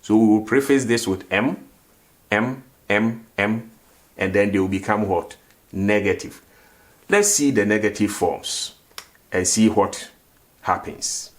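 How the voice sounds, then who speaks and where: A man's voice: on the low side, slow pace, pauses often. A man teaching a grammar lesson, who asks questions and answers them himself and repeats words for drill. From Ghana. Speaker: language teacher.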